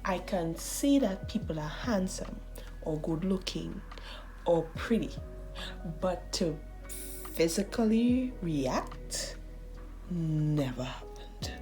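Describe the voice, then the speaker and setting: A thirty-year-old woman speaking unhurriedly in a relaxed, confessional voice-over. She laughs often and slips into soft, half-whispered asides. Faint music plays quietly behind her. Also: fairly low pitch, slow pace, long pauses. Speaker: art channel host.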